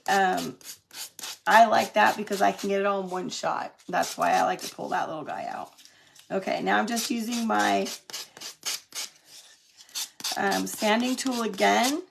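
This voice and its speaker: A woman's voice: medium pitch, vocal fry, background noise. A middle-aged woman from California chatting through a live craft demo, laughing often and answering viewer comments as she works. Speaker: craft demonstrator on a live stream.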